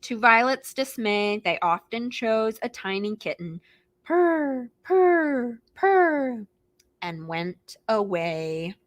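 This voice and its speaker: A woman librarian reading picture books aloud to preschoolers in an animated, expressive way, gasping and making animal noises. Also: mid-range voice, slow, few pauses, no room sound. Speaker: children's librarian hosting storytime.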